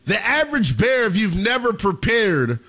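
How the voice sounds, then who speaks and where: A young man hosting sports talk radio, delivering a theatrical monologue that he keeps addressing to the listeners as ladies and gentlemen. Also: high voice, sing-song, moderate pace.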